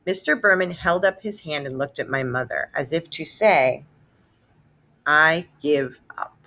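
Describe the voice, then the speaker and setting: A woman reading a children's novel aloud, expressive and storytelling. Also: low-pitched, normal speed, vocal fry. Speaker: read-aloud narrator.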